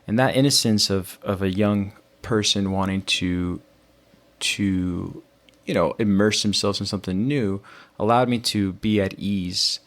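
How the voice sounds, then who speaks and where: A man hosting a podcast, telling a personal story in an animated way, often restarting his phrases. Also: lowish voice, measured pace. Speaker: podcast host. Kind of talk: conversational storytelling.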